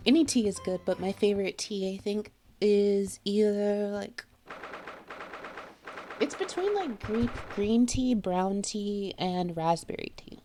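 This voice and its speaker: A woman streaming a story game, chatting in a rambling way and quick to laugh. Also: medium pitch, dark tone, a little hiss or hum. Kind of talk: game let's-play commentary.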